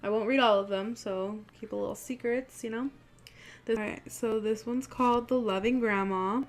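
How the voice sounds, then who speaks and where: A woman's voice: on the high side, steady tone, moderate pace. A young woman hosting her channel, chatting casually and telling spooky stories, swearing freely and acting out what people said. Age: young adult. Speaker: channel host.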